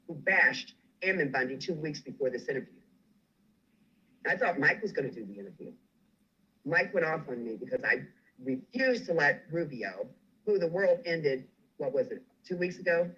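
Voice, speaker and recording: A man's voice: fairly high pitch, sharp tone, slightly rough, muffled recording. A man furiously ranting on a livestream, swearing and making threats. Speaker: guest on a livestream. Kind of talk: angry livestream rant.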